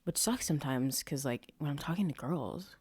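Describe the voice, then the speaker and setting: Animated, rambling young woman podcaster. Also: sits low, normal speed, slightly rough, dry recording, clean studio sound. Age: young adult. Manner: rambling, profane, easily sidetracked. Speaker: podcast host. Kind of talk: casual solo podcast chat. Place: at home, street traffic nearby.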